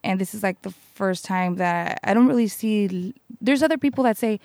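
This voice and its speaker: Young latina-sounding, no — young woman, gravelly voice, stops and hunts for words a lot, dry close mic. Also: medium pitch, moderate pace, darkish tone, no echo. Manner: hesitant, searching for words, laughs often. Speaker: interviewee, farm worker and mother. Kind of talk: casual interview.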